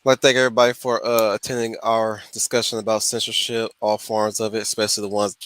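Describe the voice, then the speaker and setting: A man's voice: lowish voice, flat delivery, quick pace, a bit bright, rough recording. A man hosting a live stream discussion, blunt and swearing casually. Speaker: stream host. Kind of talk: casual podcast chat.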